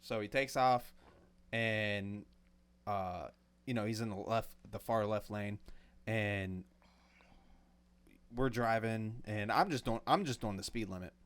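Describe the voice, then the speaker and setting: A man's voice: on the low side, slow pace, pauses often, smooth. Man telling road stories, swearing freely. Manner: swears freely, animated storytelling. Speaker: podcast co-host. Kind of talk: casual chat.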